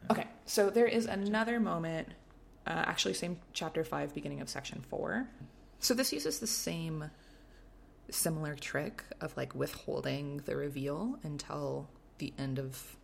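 Enthusiastic podcaster with a gravelly edge. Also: medium pitch, normal speed, a little hiss or hum. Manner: enthusiastic, animated, reads passages aloud, often trails into soft murmured reading. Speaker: podcast co-host. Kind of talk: casual literary discussion with read-aloud passages.

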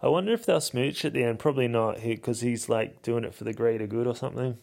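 A man's voice: medium pitch, fast talker, vocal fry, a little mellow. A man hosting a podcast alone, giving casual film commentary in a rambling, wry and self-mocking way. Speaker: podcast host.

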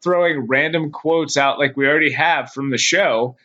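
A man's voice: fairly high pitch, moderate pace, bright, forceful tone. Laughing middle-aged man, podcast co-host. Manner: laughs often, swears casually. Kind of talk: casual chat. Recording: dull lo-fi podcast audio.

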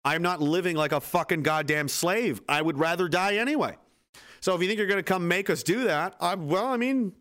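A foul-mouthed man chats on his livestream, voice sitting a bit high for a man. He rambles through viewer comments with dry sarcasm and swears freely between thoughts. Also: animated, brisk, a bit bright. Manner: sarcastic and profane, rambling asides. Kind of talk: casual livestream chat. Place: at home base on a hot day.

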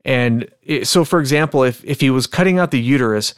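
A man with a mid-range voice co-hosts a casual true-crime podcast. He reads old inquest testimony in a measured, deliberate way. The sound is dry and close, with no room echo. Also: mid-range voice, clean tone. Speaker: podcast co-host.

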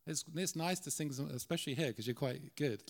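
A man's voice: on the high side, fairly quick. A middle-aged Irish man preaching as a guest speaker in a church, earnest and conversational, often restarting his sentences. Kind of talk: sermon.

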